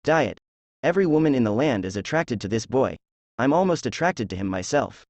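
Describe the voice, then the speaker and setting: A man's voice: mid-range voice, very animated, brisk, a little mellow, dry recording, lo-fi sound. A man voicing a greedy, scheming older king who wants war, in a script read-aloud.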